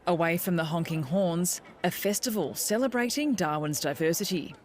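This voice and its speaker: Lower-voiced Australian woman, news voice-over. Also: moderate pace, slight background noise. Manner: short, clipped phrases. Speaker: news reporter.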